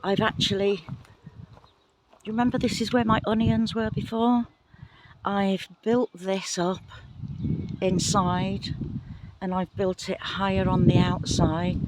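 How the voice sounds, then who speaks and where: A woman giving a casual tour of her garden plot outdoors in the wind, talking excitedly and apologetically into a handheld phone camera. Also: medium pitch, takes it slowly, pauses often. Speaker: gardening vlogger.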